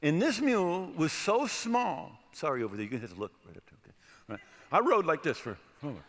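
A middle-aged American man preaching, telling a personal story in an animated way and often checking in with "right?". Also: fairly high pitch, a little fast. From United States. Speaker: pastor. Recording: long hall reverb.

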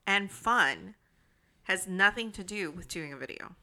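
A woman's voice: mid-range voice, animated, measured pace, pushed and bright. A woman in her forties co-hosting a podcast, chatting casually and teasing her husband in playful banter. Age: 40s. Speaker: podcast co-host. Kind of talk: casual chat.

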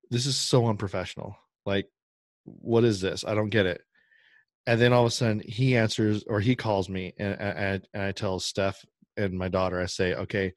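Low-voiced man telling a story. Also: no room sound. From Midwest US. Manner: animated storyteller, acts out quoted voices. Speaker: podcast host. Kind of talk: casual storytelling chat.

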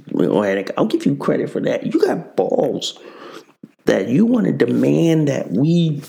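Ranting on a podcast, this host fires off a furious, swear-filled political monologue and keeps circling back to the same lines. Their mid-range voice carries vocal fry and a warm tone.

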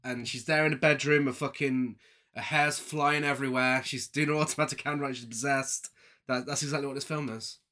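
A man's voice: medium pitch, steady tone, brisk, sharp tone. A man casually recapping a film with a co-host, joking, laughing often and acting out lines. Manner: jokey, laughs often, camp asides, acts out quotes. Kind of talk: casual chat.

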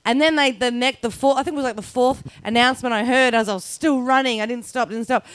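A woman's voice: a little high, fairly even intonation, quick pace, smooth, no echo. A woman telling a story on a comedy podcast, swearing and laughing as she acts out the voices in it. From Australia. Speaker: guest comedian. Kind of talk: casual storytelling chat.

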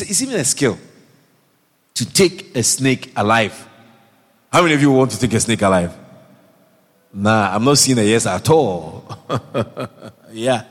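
Man, preacher, lively sermon, mid pitch, long hall echo. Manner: animated, repetitive, asks the audience questions. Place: church hall.

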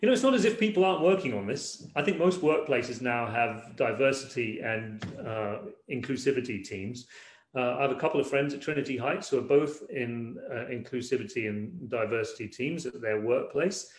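A man's voice: medium pitch, moderate pace. Conversational male pastor in a roomy hall. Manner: conversational, repeats words while searching. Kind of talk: sermon.

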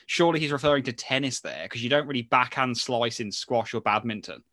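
A man chatting as a podcast co-host, easygoing and full of small hesitations. His voice sits at a middling pitch, recorded close and dry with no room sound. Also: fairly quick, dry recording. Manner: relaxed, chatty, hesitant fillers. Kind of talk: casual chat, reading listener mail. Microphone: handheld mic held close.

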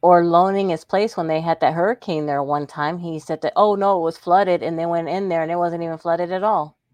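Agreeable woman with a lowish voice. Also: steady tone, a little fast, a little mellow, no room sound. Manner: agreeable, chatty storyteller. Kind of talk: casual chat.

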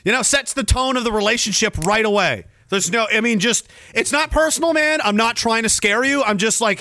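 A man's voice: very high voice, expressive, a little fast, pushed and bright, no echo, studio quality. A man hosting a livestream, talking in a sarcastic, rambling, profane way. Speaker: host. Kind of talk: livestream commentary.

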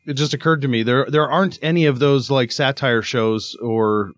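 A man talking hesitantly and haltingly in a casual podcast chat in a small studio room. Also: medium pitch, no room sound, muffled recording.

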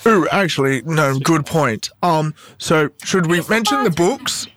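A man playing a tabletop game who chats hesitantly and is quick to joke. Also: fairly high pitch, expressive, a bit bright. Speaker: player.

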